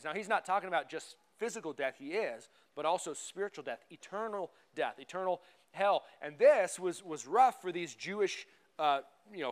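A man in his forties preaching a sermon in a church, animated and conversational, full of rhetorical questions. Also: on the high side. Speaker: pastor. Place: church sanctuary.

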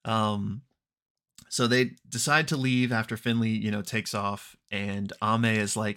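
Low-voiced man recapping an episode. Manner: relaxed, unhurried retelling with frequent ums and throat clearing; briefly acts out characters' lines in quoted voices. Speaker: podcast host recapping an actual-play episode.

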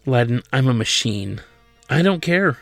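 A man reading the lines of a loyal female android, voicing her in a gentle, comforting way. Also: medium pitch, lively intonation, measured pace, gravelly, faint music behind. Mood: fierce, tender.

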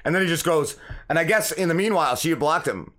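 A man's voice: a little high, lively intonation, fast talker, fairly bright tone. A man hosting a podcast, telling a story in heated, profane casual chat. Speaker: podcast host.

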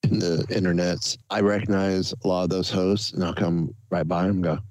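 A man talking in casual panel chat, halting and self-deprecating. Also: low voice, level tone, a little mellow, no room sound.

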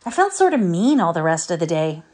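A woman's voice: fairly low pitch, sing-song, brisk, darkish tone. A woman voicing a shamefaced, plain-spoken young boy in a readers' theatre story. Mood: sheepish. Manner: shamefaced, folksy.

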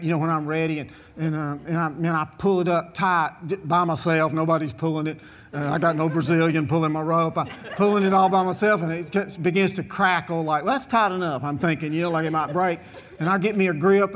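A man telling a comic story to a live audience in a folksy, animated way, full of asides. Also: fairly high pitch.

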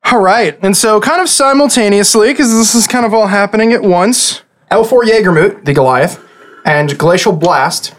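A man runs a tabletop game as game master, narrating the action in a casual, rambling way. His voice sits on the higher side and stays lively.

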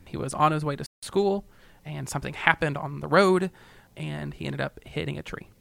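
Gravelly, bright-voiced pastor man. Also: on the high side, normal speed, no room sound. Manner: earnest, emotional, building to sermon emphasis. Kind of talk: casual podcast discussion, preaching at times.

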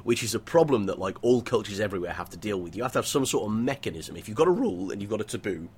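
A fairly low-pitched man talking through a novel on a podcast. He is animated and wry, moving between dry analysis and playful mock voices. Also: racing, slight background noise. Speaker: podcast co-host discussing a novel. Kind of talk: casual book discussion.

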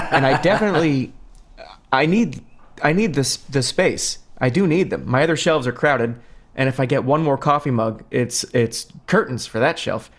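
A podcast co-host chatting casually, halting often and filling pauses with uh and um. His delivery is dry and understated, with the loose pace of friendly banter. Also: mid-range voice. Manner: hesitant, lots of filler words, dry. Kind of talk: casual comedic chat.

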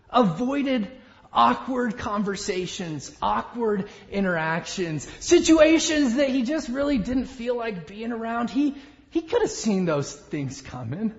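A man in his thirties delivers a sermon, mixing personal storytelling with self-deprecating humor. His voice sits very high for a man. The sound is slightly dull and carries a long hall reverb, like a church auditorium. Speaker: pastor.

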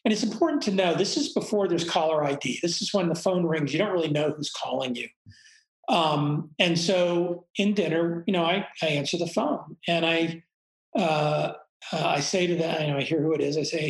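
A man's voice: on the high side, moderate pace. A middle-aged man frankly and reflectively telling a personal story in conversation, swearing casually now and then. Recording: roomy echo.

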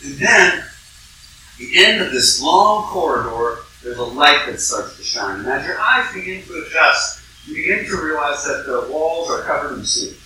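Male pastor, sermon storytelling, slightly high voice, roomy reverberant church sound with faint ambience. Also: lively intonation, normal speed, background noise. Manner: vivid storytelling with Bible references. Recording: echoey hall from far off.

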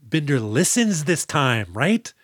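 A man co-hosting a podcast, recapping an action movie in casual chat and slipping into quick mock voices. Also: on the high side, big pitch swings, a bit bright, dry recording, clean studio sound. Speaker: podcast co-host.

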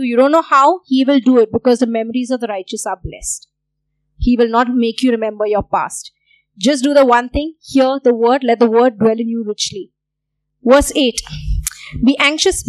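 A woman's voice: on the high side, a little mellow, low-quality recording. A woman pastor preaching a sermon, earnest and repeating key phrases for emphasis.

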